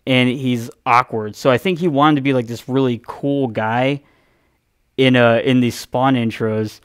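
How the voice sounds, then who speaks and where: A male streamer rambles through a story, swearing and breaking off his own sentences as he goes. His voice sits at a middle pitch. The sound is dry, with no room echo. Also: clean tone. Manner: rambling, profane, self-interrupting. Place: home streaming setup.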